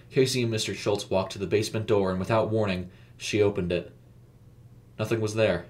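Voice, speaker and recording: A man narrating a scripted horror story in a measured, suspenseful way. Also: fairly low pitch, fairly even intonation, darkish tone.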